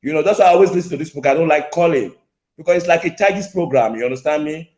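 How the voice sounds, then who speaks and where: A male caller with a fairly high voice, heard on an echoey, muffled line. He is insistent and repetitive, talking over the host as he presses his complaint. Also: rapid-fire, darkish tone. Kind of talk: angry call-in complaint. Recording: echoey lo-fi phone call.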